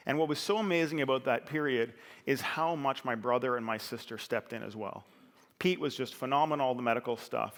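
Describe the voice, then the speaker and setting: A middle-aged man giving a conversational, earnest personal story as a speaker on stage. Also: mid-range voice. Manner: earnest, conversational, with fillers and restarts. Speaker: speaker at a talk. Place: large hall on a stage. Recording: reverberant hall.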